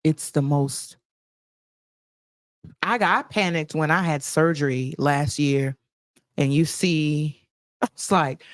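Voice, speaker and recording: A woman co-hosting a podcast in casual chat, chatty and often laughing, growing animated as she talks. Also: sits low, takes it slowly, long pauses, no room sound, clean studio sound. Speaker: podcast co-host.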